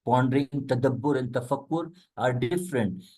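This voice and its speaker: A man giving a conversational religious lecture, explaining Arabic words and quickly reciting verses between plain explanations. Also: mid-range voice, a little mellow, slightly rough, poor audio. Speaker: Islamic lecturer.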